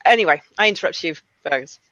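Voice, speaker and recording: A woman's voice: lowish voice, animated, fast talker, fairly bright tone, lo-fi sound. A woman hosting an online chat, talking casually and rambling with lots of fillers. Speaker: host.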